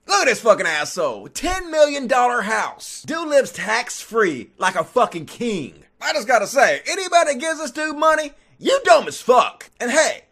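A man doing a profane, mocking comedic rant, often shouting. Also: very high-pitched, big pitch swings, normal speed, few pauses. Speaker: comedic commentator.

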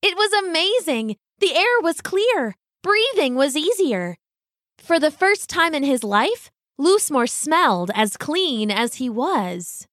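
Storybook narrator: woman, gentle and expressive, slow, dry close mic. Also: high voice, no echo.

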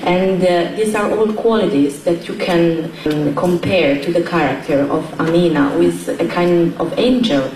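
A woman's voice: fairly low pitch, fairly even intonation, moderate pace, hardly any pauses, darkish tone, far from the mic, slight background noise. A woman singer giving an interview answer in a hesitant way, searching for her words. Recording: echoey room, voice from afar.

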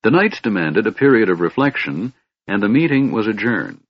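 A man narrating a fantasy audiobook in a measured storytelling manner, in a dull lo-fi recording. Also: fairly low pitch, big pitch swings, breathy edge, no echo.

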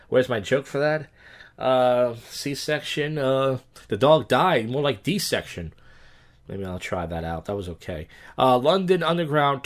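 A man hosting a casual podcast, reading odd news stories aloud and riffing deadpan jokes with lots of fillers and restarts. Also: medium pitch. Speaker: podcast host. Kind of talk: casual comedic news rundown.

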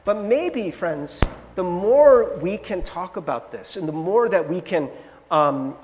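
A man preaching a sermon as pastor, conversational and animated, with frequent "right?" asides and restarts, in a church sanctuary. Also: sits high, slow pace, slight background noise. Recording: long hall reverb from a church sanctuary.

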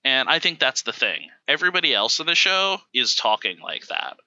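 A man's voice: mid-range voice, very animated, normal speed, pushed and bright, muffled recording. A man co-hosting a podcast, talking casually and animatedly with lots of fillers and restarts. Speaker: podcast co-host.

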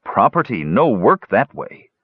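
A man voicing an excitable, simple-minded male gully dwarf shaman who talks in broken, childlike grammar. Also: lowish voice, unhurried, breathy edge, no room sound, narrow, tinny audio, heavily acted. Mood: solemn.

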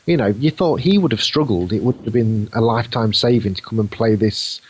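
A man's voice: lowish voice, fairly quick, a little mellow, a little hiss or hum, poor audio. A man, co-hosting a podcast in casual chat, musing and rambling with many fillers. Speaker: podcast co-host.

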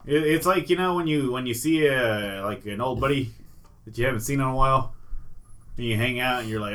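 A man's voice: mid-range voice, fairly bright tone, a little hiss or hum. Teasing male podcast co-host. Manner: teasing, quick insults, laughs a lot. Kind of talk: casual crude banter.

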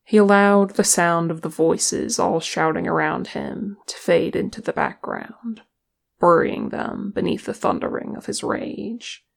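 A calm, measured narrator reads a fan fiction story aloud as an audiobook. The delivery is unhurried, and a heavy, gravelly vocal fry runs under the voice. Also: mid-range voice. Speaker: audiobook reader.

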